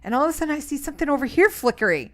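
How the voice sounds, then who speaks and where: Animated middle-aged woman telling stories. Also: high-pitched, racing. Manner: animated storytelling, laughs often. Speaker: co-host of a live stream. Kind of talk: casual live-stream chat.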